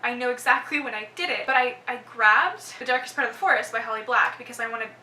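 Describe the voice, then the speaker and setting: Young Texan woman, gushing chatty storyteller, higher voice; roomy, distant sound. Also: quick pace, bright, forceful tone, slight background noise. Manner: gushing, lots of "like" and laughs. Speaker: book vlogger. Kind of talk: casual storytelling recap.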